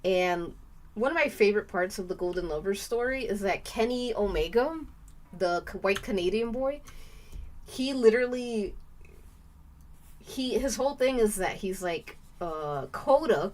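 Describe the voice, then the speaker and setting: A young woman streaming live, chatting casually and rambling with lots of fillers, now and then bursting into excited squeals. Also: medium pitch, moderate pace.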